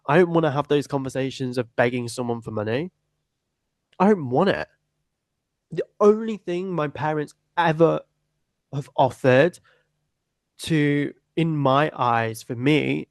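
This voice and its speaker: A man's voice: mid-range voice, dry recording. An eighteen-year-old man, hosting a personal podcast in an earnest, emphatic, repetitive way. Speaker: podcast host.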